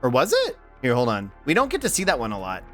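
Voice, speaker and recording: A young man streaming, chatting casually to his viewers, rambling and swearing as he slips into quick voice impressions. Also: medium pitch, wildly swooping pitch, loud music behind the voice. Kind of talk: casual livestream chat.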